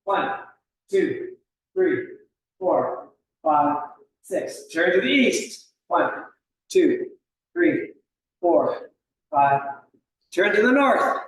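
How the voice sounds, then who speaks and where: A man's voice: high voice, sing-song, drawn-out words, long pauses, slight background noise. A man leading an exercise class, upbeat and encouraging, counting out reps and calling moves with a slight cough. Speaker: fitness instructor. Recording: echoey room, voice far from the mic.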